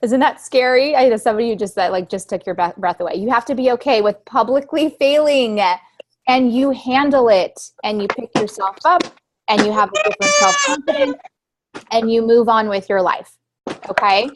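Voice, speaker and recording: A woman's voice: fairly high pitch, moderate pace, noisy background. Emphatic woman coaching her team on a call. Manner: emphatic, repeats key phrases, asks the listeners questions. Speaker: team leader giving a training recap. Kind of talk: motivational talk on a group call.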